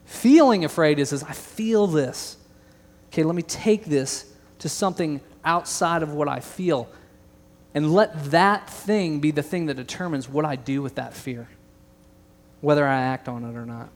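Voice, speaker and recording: A man's voice: on the high side, a little slow. Earnest preacher man in a reverberant hall. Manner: earnest, emphatic, with joking asides. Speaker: pastor. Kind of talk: sermon. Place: large church hall.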